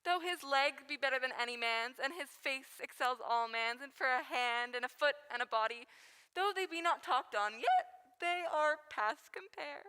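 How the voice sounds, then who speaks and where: A woman playing a rambling old nurse, high and bright. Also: moderate pace, smooth. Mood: teasing, grumbling. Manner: rambling, complaining, chuckling. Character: garrulous older female nurse, fussy and teasing. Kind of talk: Shakespeare stage reading. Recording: long reverb on live stream.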